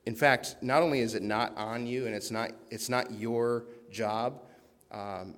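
A man's voice: mid-range voice, fairly even intonation, a little slow, a bit bright, in a large hall. A man preaching a sermon in an earnest, conversational way, reading scripture aloud with emphasis.

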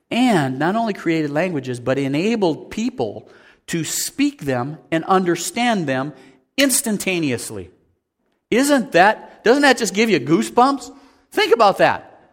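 Man preaching, animated, acts out little scenes, asks the listeners questions, fairly high voice. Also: a little slow. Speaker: pastor. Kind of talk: sermon.

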